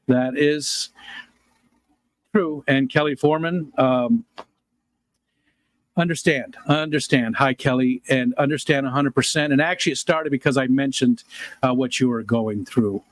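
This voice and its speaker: A man's voice: mid-range voice, measured pace, long pauses, no echo. Rambling middle-aged man hosting a livestream. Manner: rambling, chuckles often. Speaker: livestream host. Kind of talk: casual livestream chat answering viewer comments.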